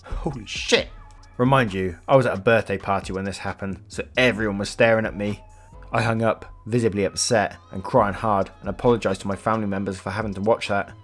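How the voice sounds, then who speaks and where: A male narrator reading online posts aloud in a low-pitched, casual voice. He swears freely and chats between passages. Faint music plays behind him. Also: steady tone, fast. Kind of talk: reading Reddit stories aloud.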